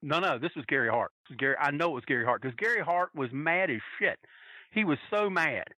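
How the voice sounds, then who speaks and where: A man on a podcast telling a long, animated, profane story with plenty of restarts. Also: fairly high pitch, fast talker, no echo, poor audio. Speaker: podcast guest telling a wrestling fan story. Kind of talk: casual storytelling.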